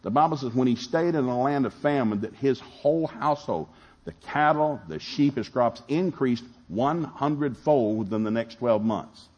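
Folksy husky-voiced preacher, lo-fi. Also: male voice, medium pitch, lively intonation, normal speed, darkish tone. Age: middle-aged. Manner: folksy storytelling, acting out Bible dialogue. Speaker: pastor. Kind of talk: sermon. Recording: dull lo-fi sound.

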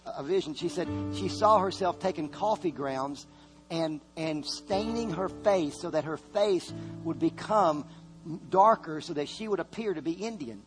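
A man preaching a sermon to a congregation, telling a story and then leading prayer, earnest and slowing down to stress key words. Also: a little high. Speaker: pastor. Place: church service before a congregation. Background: soft guitar music.

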